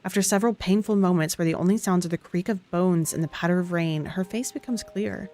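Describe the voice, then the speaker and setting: A woman's voice: lowish voice, fairly quick, hardly any pauses, soft background music. A woman streaming a game, reading the on-screen text aloud with small asides to herself. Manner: reads in an even tone, with small asides and restarts.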